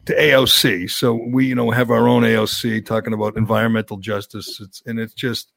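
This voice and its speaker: A middle-aged man, co-hosting political talk radio in a blunt, opinionated, halting way. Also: on the low side, level tone, gravelly, a bit bright, no room sound. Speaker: radio co-host.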